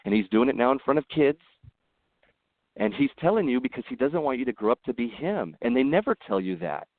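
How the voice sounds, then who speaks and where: A man who is a podcast guest, talking earnestly in casual conversation and telling animated stories with frequent restarts. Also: medium pitch, fairly quick, no echo. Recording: tinny phone-like line.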